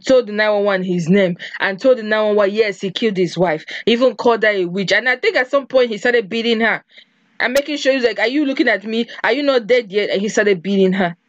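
A woman's voice: medium pitch, dry recording. A woman giving a casual commentary monologue, emphatic and full of rhetorical questions. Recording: dull lo-fi sound.

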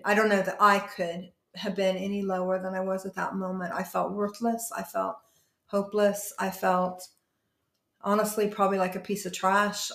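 A woman pastor telling her personal testimony in an interview, earnest and emotional, often halting and restarting. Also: mid-range voice, fairly bright tone, reverberant.

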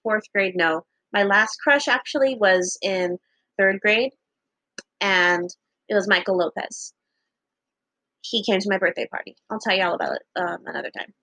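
A young woman casually tells her viewers a story, chatty and laughing often, acting out what people said with big pitch jumps and casual swearing. She talks at a normal speed with a sharp tone. The recording is dry and the audio is poor.

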